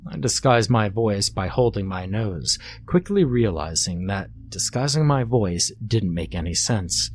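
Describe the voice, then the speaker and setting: A man reading a first-person horror story in a calm, steady scripted narration. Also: on the low side, a little slow, few pauses, slight background noise. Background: faint background music.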